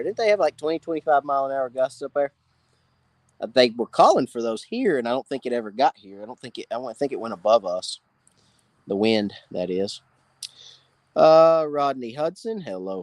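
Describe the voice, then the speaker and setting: A man's voice: mid-range voice, darkish tone, no room sound. A man hosting a casual live fishing Q&A, greeting viewers by name. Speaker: fishing channel host. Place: outdoors by a campfire.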